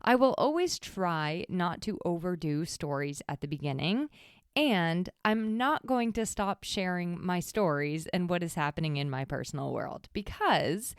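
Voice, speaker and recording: A woman with a lowish, smooth, expressive voice delivers a podcast monologue at a measured pace with no echo. She talks openly and conversationally, peppering in "like," and seems on the verge of crying.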